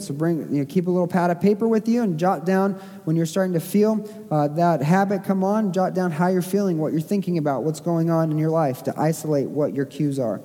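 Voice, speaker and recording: Male pastor, high and soft-toned, casual sermon delivery with filler-heavy asides, recorded in a long-echo church hall. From Missouri. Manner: conversational preaching, self-deprecating asides, frequent fillers.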